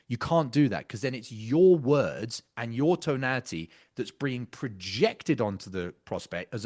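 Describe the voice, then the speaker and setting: A man's voice: mid-range voice, a little mellow. A man coaching sales closers, breaking down a practice call in an emphatic, intense way with casual swearing.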